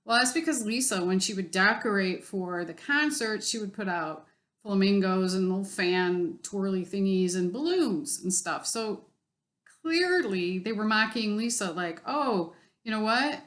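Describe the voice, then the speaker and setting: A woman's voice: medium pitch, lively intonation, measured pace, fairly bright tone. Lady ranting about her day, swears a lot, blunt and fed up. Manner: blunt, profane, exasperated storytelling. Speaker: vlogger. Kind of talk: casual vlog rant.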